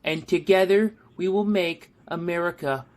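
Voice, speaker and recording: A man doing a comedic impression of a boastful older male politician in a played voice message, speaking slowly and self-importantly. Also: high voice, natural voice. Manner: slow, self-aggrandizing speech.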